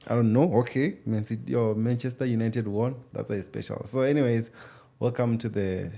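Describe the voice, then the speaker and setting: A man's voice: mid-range voice, fairly even intonation, fairly quick, creaky, warm tone. A man hosts a podcast from a studio. His talk is loose and playful, and he slides between English and Tshivenda as he jokes with his co-host. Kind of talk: casual chat.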